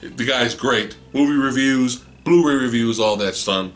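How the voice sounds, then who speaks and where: A man's voice: medium pitch, unhurried, a bit bright, soft background music. A man co-hosting a collecting video, tipsy from beer, giggling and fumbling his words as he chats casually. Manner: giggly, fumbling restarts, cursing. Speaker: co-host of a movie collecting channel.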